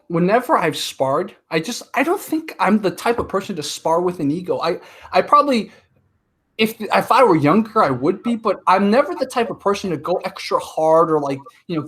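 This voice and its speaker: Podcast guest, man in his 30s, airy high voice, chatty, animated storyteller. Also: slightly rough. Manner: talkative, animated storytelling with filler words. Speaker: podcast guest, martial artist. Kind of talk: casual chat.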